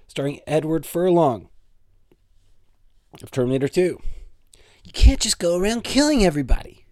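A man's voice: a little high, mellow, no echo, studio quality. A man from Toronto, hosting a solo comedic podcast in a playful, rambling way. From Toronto, Canada. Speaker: podcast host.

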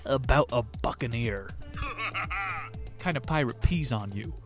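A man's voice: mid-range voice, big pitch swings, slow, music in the background. A man hosting a book podcast, brash and crude, cracking corny jokes and swearing between passages he reads aloud. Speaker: podcast host reviewing books.

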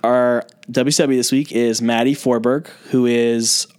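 A man's voice: medium pitch, flat delivery, unhurried, clean tone. A man with an ordinary mid-range voice hosts a casual podcast, sounding emphatic and exasperated. He swears freely and leans hard on his points. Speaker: podcast host, gym trainer.

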